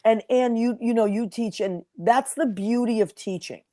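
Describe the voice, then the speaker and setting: A woman's voice: on the high side, normal speed, warm tone, no echo, studio quality. A woman hosting an interview show, telling heartfelt stories in a casual chat and acting out the people in them. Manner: emotional storyteller, acts out quotes. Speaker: podcast host.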